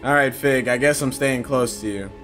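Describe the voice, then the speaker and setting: A young man commentating a game playthrough, excitable and jokey, shouting out spell names. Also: medium pitch, moderate pace, faint music behind. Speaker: gaming YouTuber. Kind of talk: let's play commentary.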